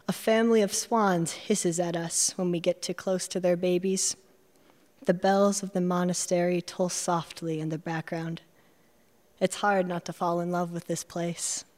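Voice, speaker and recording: A woman with an American Midwestern accent reading her personal essay aloud in a measured, reflective way. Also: lowish voice, little pitch movement, darkish tone, long reverb tail. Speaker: memoir narrator.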